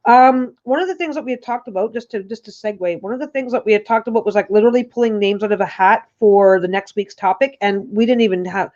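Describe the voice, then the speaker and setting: A woman's voice: medium pitch, fast, few pauses, darkish tone. A woman hosting a casual livestream chat from her couch at home, rambling and restarting her sentences often. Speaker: host. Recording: dull lo-fi recording.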